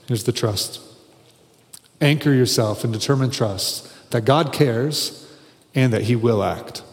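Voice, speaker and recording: A man in his forties preaching a sermon, earnest and building to emphatic, repeated phrases. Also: mid-range voice. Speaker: pastor. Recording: long reverb of a large hall.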